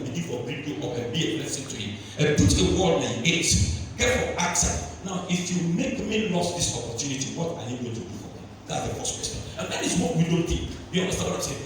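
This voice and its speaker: A man from Leone, preaching a sermon and firing off rhetorical questions that climb into shouts. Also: fairly high pitch, a little hiss or hum. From Sierra Leone. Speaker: pastor. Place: large church hall. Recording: echoey church hall, distant mic.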